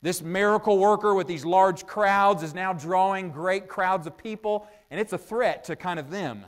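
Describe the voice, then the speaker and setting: A high-voiced man preaches a sermon conversationally, posing rhetorical questions to his listeners. He thinks out loud, pausing often with "uh."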